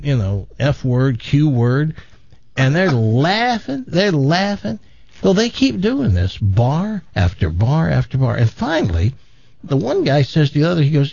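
A man hosts a radio show, spinning a long joke and acting out its characters. His voice is husky and swoops up and down a lot. The sound is dry and a little dull, like an aired broadcast. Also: on the high side, unhurried, no echo. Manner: animated storyteller, acts out characters. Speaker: radio host.

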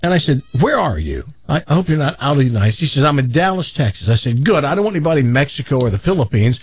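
A man's voice: on the high side, very animated, rapid-fire, muffled recording, a little hiss or hum. A man animatedly retelling a frustrating story, exasperated, acting out the people he quotes. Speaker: caller telling a story. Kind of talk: casual storytelling on a talk show.

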